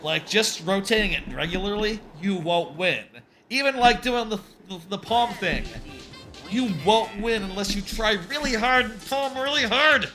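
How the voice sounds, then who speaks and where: A man's voice: high-pitched, normal speed. A young man streaming a game for charity, rambling through casual commentary with lots of fillers and casual swearing. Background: faint game music.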